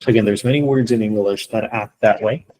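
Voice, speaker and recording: A man's voice: fairly low pitch, fairly quick, darkish tone, a little hiss or hum, low-quality recording. A man teaching an online English class, explaining patiently step by step and often checking in with his students. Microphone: computer mic on a video call.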